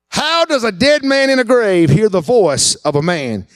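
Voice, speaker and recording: A man preaching a sermon, animated and acting out the voices he quotes. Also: sits high, moderate pace, hardly any pauses, no room sound, studio quality. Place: church.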